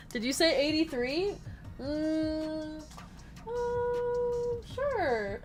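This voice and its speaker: Giggly woman hosting a card break. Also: fairly high pitch. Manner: giggly, laughs often between card calls; chatty, reads out chat comments and card details. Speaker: host of a trading card break stream. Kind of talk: live stream commentary.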